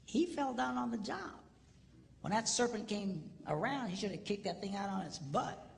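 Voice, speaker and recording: A male seminar speaker addressing a live audience in a comedic, preacher-like way. He swings from hushed near-whispers to loud, laughing shouts. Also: high-pitched, animated, normal speed, vocal fry. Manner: preacher-like exhortation. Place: large hall before a live audience. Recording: hall reverb with faint noise.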